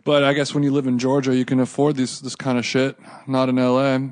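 A man's voice: mid-range voice, level tone, quick pace, a little mellow. A man hosting a casual food podcast, chatting and teasing his co-hosts. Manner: joking, teasing banter. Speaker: podcast host. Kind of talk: casual chat.

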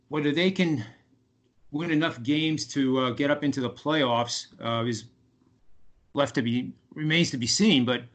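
Halting male sports betting analyst. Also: mid-range voice, fairly bright tone. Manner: halting, many fillers and restarts. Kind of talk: casual radio talk.

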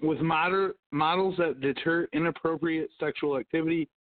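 A man's voice: a little high, moderate pace. A man hosting a casual podcast, rambling and swearing constantly as he tells stories. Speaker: podcast host. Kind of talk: casual profane chat. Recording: tinny phone-like audio.

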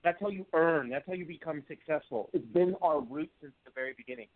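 A man calling in to a talk show, speaking in a heated, fired-up way with a voice that turns a little hoarse. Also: a little high, fairly quick, no echo. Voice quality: voice turning hoarse. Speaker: call-in guest. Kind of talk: political call-in rant. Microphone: phone call. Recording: tinny phone line.

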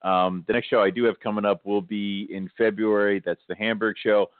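A man hosting a podcast, easygoing and jokey, with loud laughs and offhand swearing. His voice sits on the low side and sounds tinny and dry, like a phone line. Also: level tone, fairly quick, smooth, dry recording. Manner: joking, laughs loudly, casual swearing. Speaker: podcast host. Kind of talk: casual chat.

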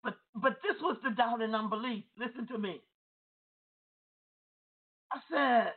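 A woman's voice: on the high side, lively intonation, a little slow, long pauses, breathy edge. A woman telling a deliverance testimony in a conversational way, often turning to the listeners directly. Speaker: deliverance minister. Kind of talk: testimony sermon. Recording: tinny phone-like audio.

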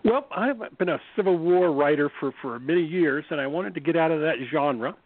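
A man with a cold, hoarse and scratchy, speaking as a guest author in a radio phone interview, often halting and repeating words as he explains. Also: a little high. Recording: tinny phone line.

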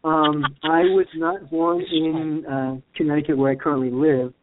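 A man in his fifties, from the USA, chats playfully as a co-host and laughs easily. His voice sits a bit high for a man, and it comes through a tinny phone line. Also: lively intonation, moderate pace, background noise. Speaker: co-host, actor. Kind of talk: casual chat.

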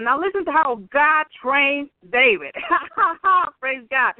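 A woman's voice: high voice, expressive, slow, no echo. A woman whose first language is Spanish preaches, reading a Bible story aloud and breaking in with exclamations of praise and laughter. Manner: exclaims praise and laughs between read passages. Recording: tinny phone line.

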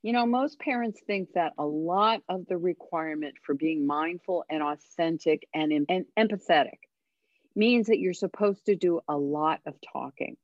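Low-voiced woman on a dull dry line. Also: dry recording. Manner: earnest, encouraging advice. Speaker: parenting coach guest. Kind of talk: radio interview over a call line.

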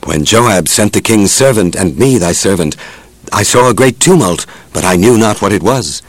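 A male reader gives an eager young messenger who begs to carry the news. The voice stays low, and the recording is dry and close. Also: expressive, moderate pace, no room sound. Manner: eager and pleading.

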